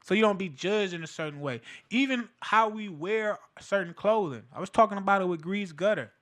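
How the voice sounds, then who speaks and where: Animated man with bright, raised voice. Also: high voice, a little fast. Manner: animated, emphatic, street slang, frequent fillers. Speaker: podcast host. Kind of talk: casual commentary monologue.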